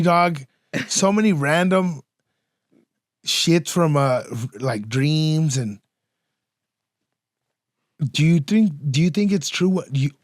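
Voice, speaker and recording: Slangy, profane man with a higher voice. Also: dry recording, studio quality. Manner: slangy, profane, animated storyteller. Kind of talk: casual chat.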